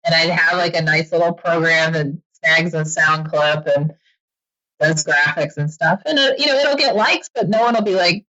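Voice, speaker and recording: Animated woman on a lo-fi line. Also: on the low side. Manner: animated, laughs often, quick quoted asides. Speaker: podcast guest and author. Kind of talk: casual interview chat.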